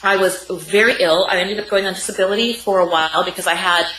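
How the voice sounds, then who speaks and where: A woman's voice: medium pitch, fast talker, fairly bright tone. A woman in her forties, a guest coach, telling a personal story with vivid, piled-up phrases in an interview. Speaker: guest, sex and intimacy coach. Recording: roomy sound with faint background noise.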